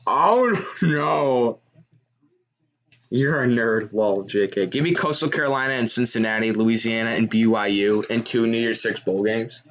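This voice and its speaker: A young man giving live reaction commentary on a college football game, excitable and shouting at big plays. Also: lowish voice, normal speed, few pauses, highs cut off. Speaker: sports streamer.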